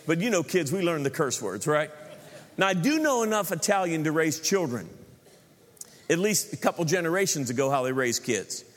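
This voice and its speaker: High-voiced preacher in a reverberant hall. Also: male voice, lively intonation, normal speed. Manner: repeats words while building points, jokes with the congregation. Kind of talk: sermon with humor. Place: large church hall.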